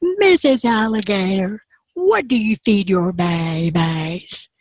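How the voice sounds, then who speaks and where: A curious mother frog, voiced by a woman telling a tale, asking her questions with her mouth stretched wide. She drags every word out slowly and politely, and the sound is close and dry. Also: mid-range voice, expressive, a little mellow, dry recording.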